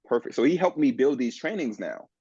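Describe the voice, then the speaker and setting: A man guesting on a podcast, telling a personal story in an earnest, animated way with many restarts. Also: mid-range voice, brisk, breathy edge, no echo. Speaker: guest, men's coach. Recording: dull, dry lo-fi sound.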